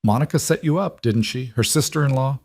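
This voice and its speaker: A man voicing a frightened young single mother, crying and breathless, in halting sentences. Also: medium pitch, a little mellow, no echo, voice pushed up, natural voice. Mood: flustered.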